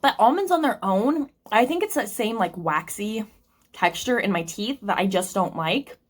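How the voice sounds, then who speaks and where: A woman's voice: mid-range voice, lively intonation, normal speed. A woman vlogger in casual chat, talking through a taste test, chatty and opinionated with plenty of ums and likes. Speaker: book vlogger.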